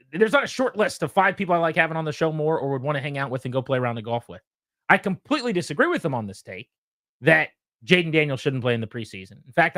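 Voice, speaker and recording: A man hosts a sports talk radio show, leaning hard on key words as he tells his stories. His pitch sits a bit high and swings widely. The studio sound is dry and close. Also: no room sound. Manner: emphatic, animated storyteller.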